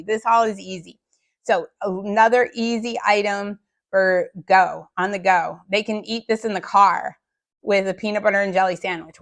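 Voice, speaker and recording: A middle-aged woman with a rough, gravelly voice chatting casually to viewers as she unpacks a food bank haul, joking in small asides. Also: a little high.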